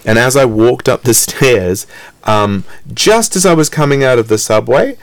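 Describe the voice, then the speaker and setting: A young man tells an anecdote with animated energy and briefly puts on other people's voices. His pitch sits in a middle range. The recording is dry and close, with no room sound. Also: normal speed, gravelly, no room sound. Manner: animated, acts out quoted voices. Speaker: guest. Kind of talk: casual storytelling.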